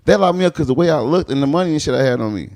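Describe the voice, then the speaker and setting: Animated man telling crude stories. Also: a little high, very fast. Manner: animated, acts out quoted lines, laughs often. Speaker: podcast guest, stand-up comedian. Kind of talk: crude comedic storytelling.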